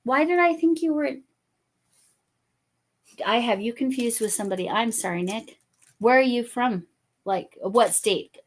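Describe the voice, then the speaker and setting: A woman's voice: fairly high pitch, unhurried, pauses often. A woman in her fifties hosting a crochet channel, chatting casually with viewers by name while she crafts, often correcting herself.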